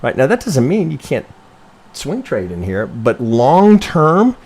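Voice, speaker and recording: A man's voice: mid-range voice, wildly swooping pitch, slow, a little mellow, slightly rough. A man in a loose live-stream lesson, talking through charts as he goes. He is blunt and profane, stops himself mid-sentence to rephrase, and keeps tossing "right?" to his viewers. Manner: rambling, profane, constantly self-correcting, asks "right?"; thinks aloud while working through charts. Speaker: trading educator reviewing member charts.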